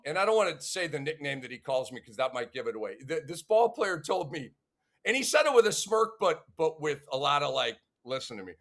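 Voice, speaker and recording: A man hosting a casual sports talk show, animated and ranting, repeating words for emphasis. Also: fairly high pitch. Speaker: podcast host.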